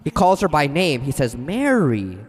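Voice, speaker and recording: A man preaching a sermon in a large hall, telling stories dramatically and swinging between loud and hushed. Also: sits high, very animated, normal speed. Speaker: pastor. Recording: long hall reverb.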